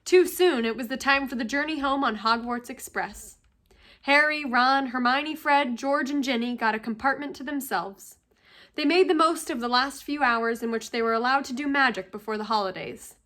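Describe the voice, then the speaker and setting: A teacher reading a novel aloud to her class, with steady, expressive storytelling. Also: high-pitched, normal speed.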